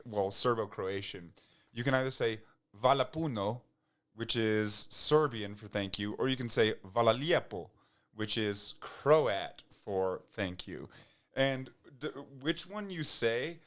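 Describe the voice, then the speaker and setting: A man from the United States, appearing as a podcast guest, speaks slowly in a mid-range voice. His casual conversation rambles, with frequent restarts and fillers, and he laughs when he gets excited.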